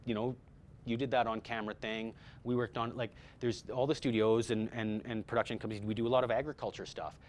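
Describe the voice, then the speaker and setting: A man's voice: medium pitch, flat delivery, a little fast, a little hiss or hum. A man teaching a voice-over workshop to a group, talking energetically with many fillers and repeated words. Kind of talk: casual workshop talk.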